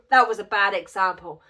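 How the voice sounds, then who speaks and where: A woman with a bright, clear, slightly high voice tells a long story in a chatty, giggly, rambling way, vlog style. She has a cold and a cough that break into her talk now and then. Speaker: crochet vlogger.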